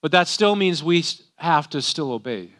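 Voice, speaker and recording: A man's voice: fairly high pitch, animated, normal speed, a bit bright. A man, a pastor, preaching a sermon in a conversational way, often tagging rhetorical questions.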